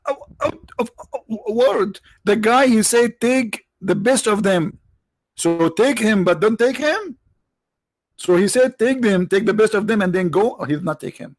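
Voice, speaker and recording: A man's voice: high-pitched, animated, normal speed, no room sound, studio quality. A man hosting a live religious talk, joking and sarcastic, rambling to his viewers. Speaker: online show host.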